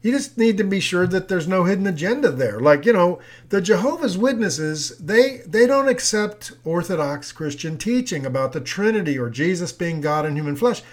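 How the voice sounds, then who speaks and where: Male preacher on an audio teaching; slightly high voice, easygoing and explanatory, full of fillers. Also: lively intonation, normal speed, hardly any pauses. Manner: conversational, with fillers and restarts; explains with homely examples. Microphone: audio recording.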